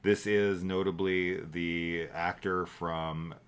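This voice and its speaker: A man's voice: deep voice, steady tone, slow, smooth. A middle-aged man co-hosting a casual movie review chat, rambling and thinking aloud with many fillers. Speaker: podcast co-host.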